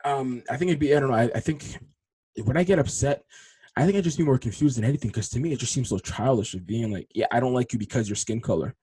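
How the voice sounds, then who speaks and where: A young man hosts a solo podcast and tells a story in rapid, slangy, rambling talk. His voice has a husky edge. It swings between low mutters and loud, animated bursts, recorded close on a dry, deadened mic. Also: dry recording. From Congolese heritage. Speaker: podcast host.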